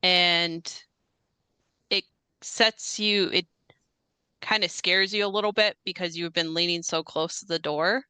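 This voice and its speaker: A young woman narrating a tabletop horror game as game master, measured and unhurried, with frequent hesitant fillers. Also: on the low side, steady tone, pushed and bright, clean tone, no echo.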